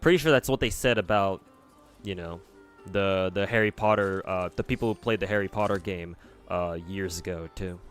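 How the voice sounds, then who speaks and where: A man's voice: low-pitched, normal speed, soft background music. A man streaming a game, chatting casually and reacting bluntly to viewer comments, with lots of swearing and filler words. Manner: blunt and profane, drawling with many fillers.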